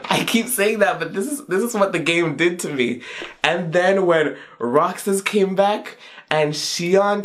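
A young man in his twenties reviews a game in an excitable, gushing way. His voice jumps sharply upward whenever he acts out his own reactions, and his speech is loose and full of casual slang. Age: 20s. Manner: excitable and gushing, with pitch leaps on quoted reactions.

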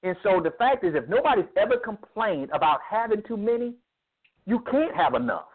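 A man's voice: sits high, big pitch swings, normal speed, husky. A man being interviewed about men's ministry who speaks in an emphatic, preacherly way, acting out dialogue as he tells stories. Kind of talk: animated interview storytelling. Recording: tinny phone line.

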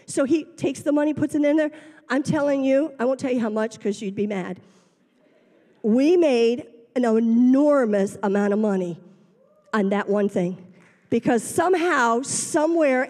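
High-voiced woman preaching in a reverberant hall. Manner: animated storytelling, acts out quoted voices. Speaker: pastor's wife preaching. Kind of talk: sermon. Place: church sanctuary.

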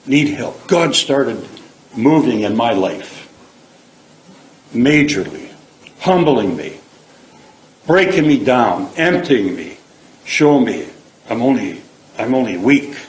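A man's voice: medium pitch, big pitch swings, slow, long pauses. Middle-aged man, earnest plain-spoken testimony, echoey hall. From Canada. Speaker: speaker giving his testimony. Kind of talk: personal testimony. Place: church hall. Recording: echoey hall, faint background hiss.

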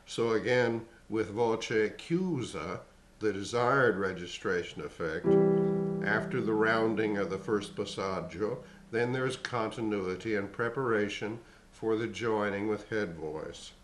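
Older man teaching singing, slow and echoey. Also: on the low side, faint music behind. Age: 60s. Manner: measured, explanatory teacher. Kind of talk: singing lesson demonstration.

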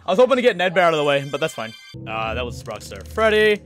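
An excitable young man giving casual livestream gameplay commentary, his high voice leaping all over as he cheers and pleads with the game. Faint game music plays behind him. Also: fast. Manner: excitable, hyped, coaxing the game characters aloud. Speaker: gaming streamer.

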